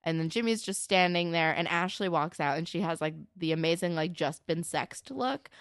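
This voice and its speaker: A woman's voice: lowish voice, moderate pace, smooth, no room sound, clean studio sound. A young woman co-hosting a casual podcast, animatedly retelling a TV episode and acting out the lines. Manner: animated retelling with acted-out quotes. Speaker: podcast co-host recapping a TV episode. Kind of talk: casual chat.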